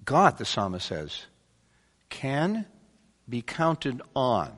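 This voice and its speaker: A man preaching a sermon to his congregation, animated, swinging between loud emphatic bursts and quiet asides. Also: medium pitch, very slow. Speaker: pastor. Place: church sanctuary. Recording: long church hall reverb.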